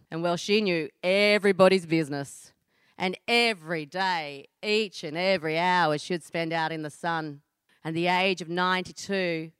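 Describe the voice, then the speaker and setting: An Australian woman in her thirties giving a heartfelt personal storytelling performance, earnest, with deliberate pauses. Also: on the low side, fairly bright tone, clear, resonant tone, no echo, clean studio sound.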